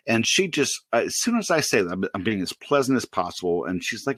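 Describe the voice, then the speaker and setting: Co-host, man, late 40s, animated storyteller, close dry mic. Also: brisk, dry recording. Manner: animated storyteller, pitches up for quoted outbursts, laughs often. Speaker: podcast co-host. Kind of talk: casual storytelling.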